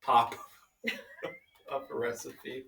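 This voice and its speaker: A man's voice: medium pitch, huge pitch swings, very slow, creaky, sharp tone, slight background noise. Joking man, roomy and distant. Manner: joking, rambling, with many restarts. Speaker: podcast co-host. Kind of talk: casual chat. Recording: echoey room, mic at a distance.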